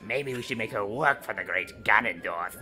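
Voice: mid-range voice, animated, measured pace, bright, forceful tone. A game host putting on an exaggerated sing-song voice to read out game characters, with crude asides. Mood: mocking. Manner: exaggerated, swooping, profane asides. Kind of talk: let's play commentary.

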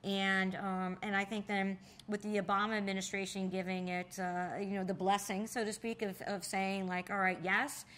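A woman in an oral history interview, telling stories in a lively way and jumping high when she acts out what people said. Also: moderate pace, hardly any pauses, slight background noise. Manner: animated storyteller, acts out quotes with sudden high exclamations. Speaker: interviewee, bar co-owner and nonprofit founder. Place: in a bar.

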